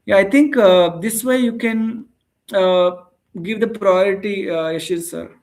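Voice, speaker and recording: Earnest high-voiced Indian man teaching English. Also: measured pace, a little mellow. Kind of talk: casual spoken English lesson.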